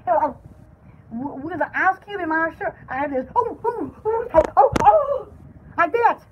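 A woman's voice: high voice, moderate pace, muffled recording, a little hiss or hum. A woman voicing a chattering, pampered female poodle who hosts a parody home-shopping show, rambling and squealing in a comic pet voice-over. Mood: excited. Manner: squealing, rambling, easily excited.

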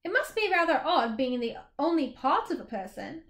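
Earnest storybook boy, quizzical, high and lifted, read by a woman. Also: sing-song, normal speed, a bit bright, full character voice. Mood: puzzled. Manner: questioning, earnest. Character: curious, patient young boy.

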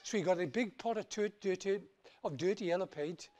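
A man preaching, telling a children's story in an animated, lively way. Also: sits high, fairly quick, a little hiss or hum. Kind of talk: children's story in a church service.

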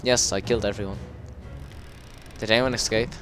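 A man with a lowish voice gives an excitable running commentary over his gameplay, swearing freely and bursting into yells. Game music plays clearly behind him the whole time. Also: normal speed. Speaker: gameplay video host. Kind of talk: let's play commentary. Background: game music and sound effects.

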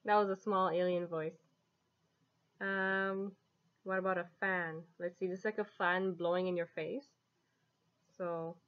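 A woman's voice: on the low side, flat delivery, unhurried, pauses often, dull audio. A woman chatting casually as she tries out an app, giggling often. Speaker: app reviewer. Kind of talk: casual vlog commentary.

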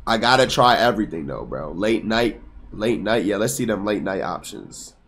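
Excitable young man streaming at home. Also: fairly low pitch, moderate pace. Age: 20s. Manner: excitable, profane, talks back to chat, bursts into yelling. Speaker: livestreamer. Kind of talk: casual live-stream chat.

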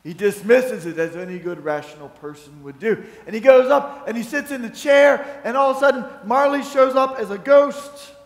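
A man's voice: very high voice, moderate pace, hardly any pauses. A man preaching a sermon as pastor, retelling a story and acting out its quotes. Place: church sanctuary. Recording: echoey church hall.

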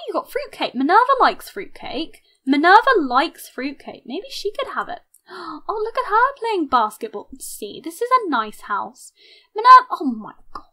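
A young woman chatting casually through her life-sim game, excitable and mock-outraged, laughing often. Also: sits high. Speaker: gaming YouTuber. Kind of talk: casual let's-play commentary.

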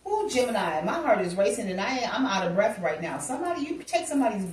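A woman's voice: a little high, very animated, quick pace, far from the mic, slight background noise. A woman giving a casual tarot reading, chatty and exclaiming as she talks straight to her listeners. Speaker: tarot reader. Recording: echoey room, voice off-mic.

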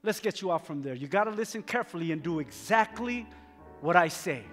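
A pastor voicing Jesus as a calm, patient figure who talks gently and reassuringly. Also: male voice, sits high, fairly quick, in a large hall, soft background music, voice pushed down. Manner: calm, reassuring, lightly amused.

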